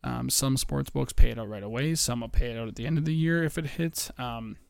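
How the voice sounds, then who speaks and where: A young man hosting a casual betting podcast from home late at night, rambling and swearing, keeping his voice low and a bit out of breath. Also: a little fast, creaky, dry recording, studio quality. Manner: rambling, profane, talking low to keep quiet. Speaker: podcast host.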